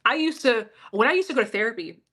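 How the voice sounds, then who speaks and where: A woman's voice: on the high side, expressive, quick pace, fairly bright tone, slightly rough. A woman from Philadelphia giving a casual, profane pep talk on a livestream and answering her chat. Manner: blunt, profane, talks straight to chat.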